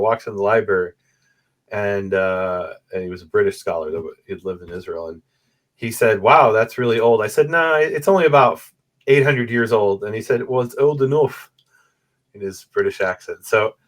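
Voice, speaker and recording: A man explaining his research as a guest scholar in a conversation, speaking over a video call and often checking in with "right?". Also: mid-range voice. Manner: animated, explains step by step with frequent "right?" checks. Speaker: guest, Bible manuscript scholar. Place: room with a bookshelf photo backdrop.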